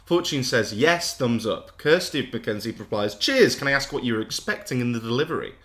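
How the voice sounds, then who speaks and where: A man with a bright, clear voice hosts a casual podcast game. He jokes around and reads replies aloud, breaking into frequent laughs. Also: mid-range voice, sing-song, moderate pace. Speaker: podcast host running a game.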